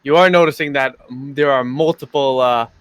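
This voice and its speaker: A man's voice: mid-range voice, normal speed, clear, resonant tone, no room sound. A man co-running a tabletop role-playing game, joking and teasing the players in casual banter. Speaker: co-dungeon master.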